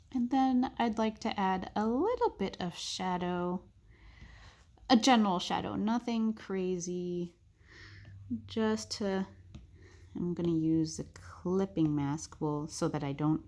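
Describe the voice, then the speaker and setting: Slow-talking woman teaching drawing. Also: fairly low pitch. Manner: chatty, thinks aloud, soft muttered asides, light laughs. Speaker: drawing tutor. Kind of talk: casual drawing tutorial narration.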